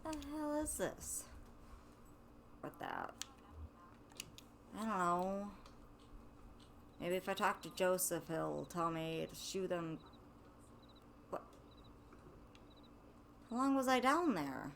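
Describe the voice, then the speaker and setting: A young woman giving let's play commentary, quick to react with confusion and casual swearing. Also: fairly low pitch, expressive, creaky, a little hiss or hum. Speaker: gamer.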